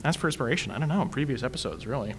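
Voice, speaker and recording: A man comics writer on a convention panel, relaxed and amused, laughing easily. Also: mid-range voice, very fast, a little hiss or hum. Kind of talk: panel discussion.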